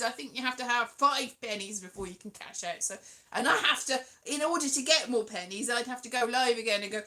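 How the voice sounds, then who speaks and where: A woman's voice: high-pitched, expressive, normal speed, pushed and bright. A young woman vlogging in a rambling, giggly, self-mocking way, dropping to mutters and jumping to squeals. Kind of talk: rambling casual vlog chat.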